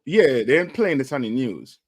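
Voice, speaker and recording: A man's voice: mid-range voice, very animated, moderate pace, darkish tone, no room sound. A man on a talk show panel, speaking emphatically and repeating "you know what I mean" as he makes his points. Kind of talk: casual opinionated chat.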